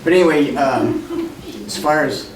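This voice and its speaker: A man's voice: a little high, measured pace, a crowd in the background. A man speaking at a memorial, telling rambling folksy stories and laughing often. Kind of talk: anecdotal storytelling at a memorial. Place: memorial service room. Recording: distant mic in an echoey hall with noise.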